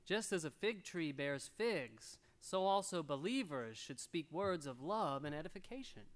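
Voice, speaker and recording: A middle-aged man preaching a sermon, animated and storytelling, acting out little voices as he goes. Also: high voice. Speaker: pastor.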